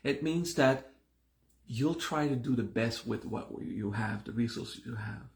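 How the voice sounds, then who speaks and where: Gravelly man teaching a casual class. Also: medium pitch, a little slow. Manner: conversational, repeats himself, many restarts. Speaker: spiritual teacher. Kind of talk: live-streamed class talk.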